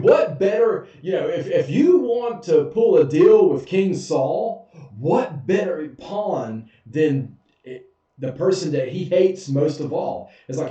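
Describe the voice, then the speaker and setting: Folksy preacher, echoing from afar. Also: male voice, a little high, dark tone. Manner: folksy, humorous, chuckles often. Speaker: pastor. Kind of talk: casual Bible study teaching. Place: church sanctuary. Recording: echoey, dull, far from mic.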